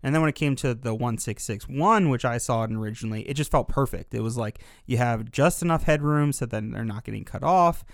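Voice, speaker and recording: A man shares his view of a film scene in a relaxed, thoughtful way, his sentences strung together with "like". His voice sounds dry and close, with no room echo. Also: medium pitch, brisk, vocal fry, few pauses. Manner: relaxed and thoughtful, leans heavily on "like". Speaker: podcast co-host discussing a film. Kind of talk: casual film analysis chat.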